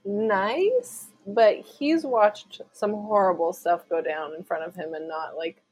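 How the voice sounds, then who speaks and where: A woman's voice: on the low side, expressive, measured pace, darkish tone, breathy edge. A young woman co-hosting a casual chat over a video call, thoughtful and a little hesitant.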